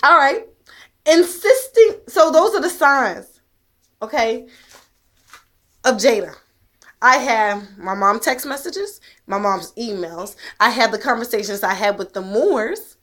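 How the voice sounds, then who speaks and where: Intense, emphatic woman with a higher voice. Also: expressive, slow, a bit bright. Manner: intense and emphatic, rhetorical questions; blunt, swears in anger. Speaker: mother. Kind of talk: direct-to-camera monologue.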